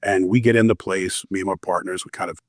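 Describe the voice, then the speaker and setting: Low-voiced man telling cop stories. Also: fast, dry recording, studio quality. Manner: relaxed, anecdotal, lots of fillers. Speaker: former warrant investigator, guest. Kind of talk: casual interview storytelling.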